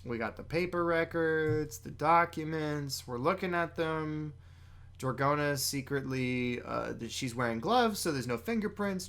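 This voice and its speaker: A podcast co-host chatting casually and profanely while recapping a manga chapter, getting loud and excited as the story heats up. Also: medium pitch.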